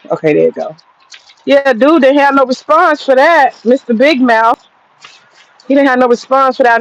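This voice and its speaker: A chatty woman, hosting a livestream from her garden. She talks loosely and swears freely, at a mid pitch. The phone audio is dull and lo-fi. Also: vocal fry. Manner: chatty, profane, laughs often. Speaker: livestream host. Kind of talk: casual livestream chat. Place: home garden.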